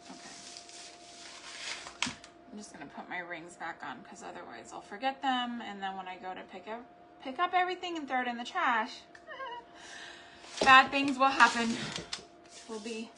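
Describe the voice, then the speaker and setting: A craft and homestead vlogger, a woman with a medium-pitched voice, chats casually to the camera while crafting at home, with background noise present. She thinks aloud and laughs at her own mishaps.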